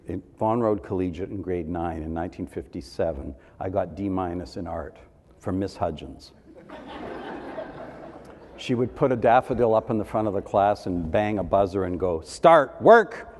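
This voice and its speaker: A man's voice: low voice, moderate pace, warm tone, slight background noise. A man in his seventies from Canada, telling playful personal anecdotes as a panelist and acting out the voices of people he quotes. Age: 70s. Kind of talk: storytelling panel talk. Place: large hall. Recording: reverberant hall.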